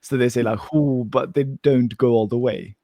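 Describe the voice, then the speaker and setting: A man teaching Mandarin phrases one on one, patient, modeling them slowly and laughing often. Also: mid-range voice, dark tone, dry recording. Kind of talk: one-on-one language lesson.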